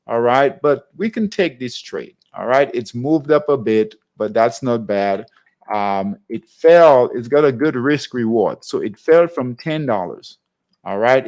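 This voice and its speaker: A man hosting a live trading class, walking through charts in a conversational way and often checking in with his viewers. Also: mid-range voice. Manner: conversational, keeps checking in with "all right?". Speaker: trading show host.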